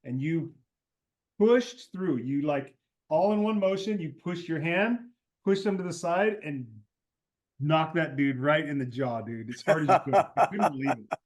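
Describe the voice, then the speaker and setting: Male co-host, somewhat high voice, loose rambling chat peppered with "dude". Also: expressive, a little slow. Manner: rambling, self-correcting, says "dude". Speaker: podcast co-host. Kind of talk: casual chat.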